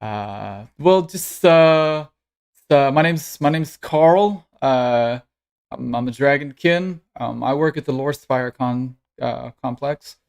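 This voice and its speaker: A man's voice: mid-range voice, slow pace, vocal fry, smooth. A man doing a shy, stammering dragonkin dad. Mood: nervous hesitant. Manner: hesitant, stammering, full of ums.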